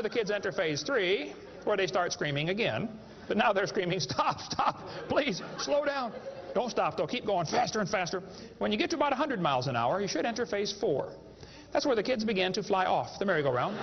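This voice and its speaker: A man's voice: high-pitched, a little hiss or hum. A man giving a humorous lecture to a live audience, a folksy, joking storyteller. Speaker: creationist speaker. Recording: echoey hall, dull lo-fi sound.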